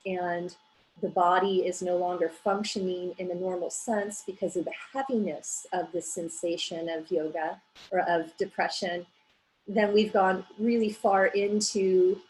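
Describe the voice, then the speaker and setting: Woman giving a measured academic talk. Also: on the low side, steady tone, darkish tone, low-quality recording. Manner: measured, explanatory, with frequent fillers. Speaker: graduate student presenter. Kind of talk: academic presentation.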